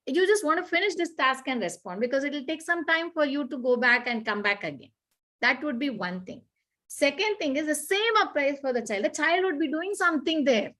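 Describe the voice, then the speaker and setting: A woman talks through parenting advice in a conversation. She is earnest and animated, often acting out what parents and children say. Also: fairly high pitch. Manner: earnest, repetitive, animated explaining with acted-out examples. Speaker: parenting expert guest.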